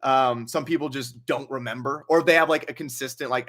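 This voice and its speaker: A man's voice: medium pitch, fairly even intonation, fairly quick, fairly bright tone. A young man hosting a casual livestream Q&A, reading donations aloud and chatting with a laugh in his stories. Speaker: livestream host.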